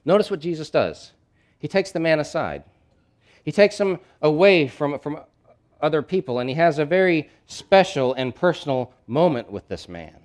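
A man's voice: a little high, sing-song, normal speed, darkish tone. A man preaching a sermon in a conversational, emphatic way, with asides and frequent restarts. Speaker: pastor.

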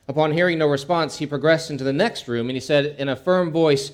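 A man's voice: mid-range voice, fairly quick, hardly any pauses. A man preaching as a pastor, opening with a folksy anecdote and talking in a plain, conversational way with frequent restarts and repeated words. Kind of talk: sermon.

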